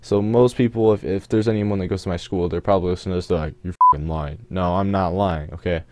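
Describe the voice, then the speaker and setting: A man's voice: sits low, steady tone, fast, warm tone, dry recording. A teenage boy telling a rambling story over gameplay footage, often correcting himself as he goes. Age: teens. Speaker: gaming channel host.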